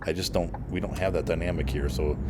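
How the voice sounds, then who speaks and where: A man's voice: sits low, steady tone, a little fast, background noise. An American man hosting a gaming channel, rambling through casual commentary with many fillers and restarts while he plays. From United States.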